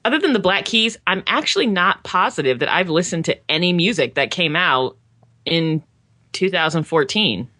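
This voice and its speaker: Bright-voiced, opinionated woman co-host. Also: lowish voice, lively intonation, normal speed. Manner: opinionated, ranting. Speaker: podcast co-host. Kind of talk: casual chat.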